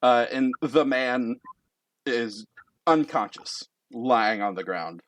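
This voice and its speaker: A man's voice: mid-range voice, animated, slow, fairly bright tone. A man narrating a tabletop game as game master in a casual, rambling way.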